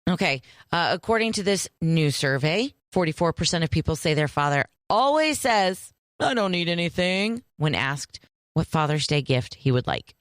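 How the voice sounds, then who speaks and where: Dry-humored woman co-host, lowish voice. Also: big pitch swings, moderate pace, dry recording. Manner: dry, matter-of-fact, understated. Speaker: podcast co-host. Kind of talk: casual chat.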